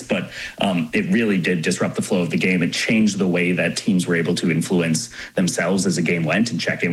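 A man's voice: sits low, low-quality recording. A man sports journalist explaining the game fluently in an interview. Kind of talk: radio interview answers.

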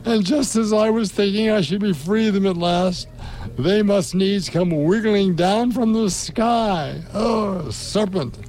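A man's voice: mid-range voice, animated, normal speed, a little mellow, a little hiss or hum, natural voice. A man reading a storybook aloud, voicing an indignant female pigeon who shrieks and sneers about serpents. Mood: shrieking. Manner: shrieking, contemptuous, aggrieved. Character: shrill indignant female pigeon guarding her nest.

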